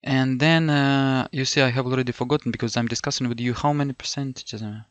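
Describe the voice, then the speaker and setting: Talking fast in a smooth, steady, mid-range voice, a middle-aged man from Ukraine runs a think-aloud language-test lesson over a screen. The recording is dry, and his speech is full of fillers, repeated words, and self-corrections.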